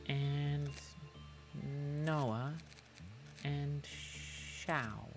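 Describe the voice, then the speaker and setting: A man streaming a management game, chatting casually and muttering to himself as he works through choices. His voice sits at an ordinary pitch, with faint music playing behind him. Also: drawn-out words.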